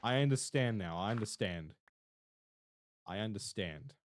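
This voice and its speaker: Lively Australian young man streaming. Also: fairly low pitch, a little hiss or hum. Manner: rambling, fast and swearing casually. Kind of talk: casual livestream chat to viewers.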